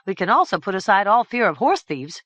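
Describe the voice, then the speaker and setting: A woman's voice: mid-range voice, sing-song, fairly quick, a bit bright, no room sound, voice pushed up. A woman voicing a blustering, boastful young male knight who sulks easily, with a pompous, declaiming manner.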